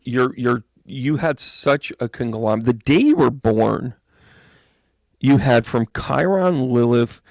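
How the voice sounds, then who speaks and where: A man reading tarot cards and astrology live, talking in a rambling, jokey way that jumps into excited bursts. His voice is mid-pitched with a gravelly edge. The sound is dry and close, with no room around it. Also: no room sound. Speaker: psychic medium reading tarot.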